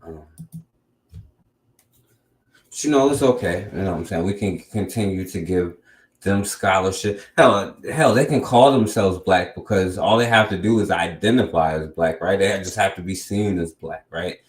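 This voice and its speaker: A man's voice: low-pitched, moderate pace, echoey room. A man hosting a casual talk show, rambling loosely and often tagging his sentences. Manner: loose and rambling, lots of filler tags. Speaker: podcast host. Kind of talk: casual commentary.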